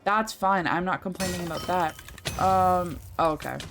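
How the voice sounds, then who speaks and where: A young woman with a slightly low voice rambles through casual chat while streaming a game, full of fillers and swearing freely. Faint game music plays behind her. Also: moderate pace, a bit bright. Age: young adult.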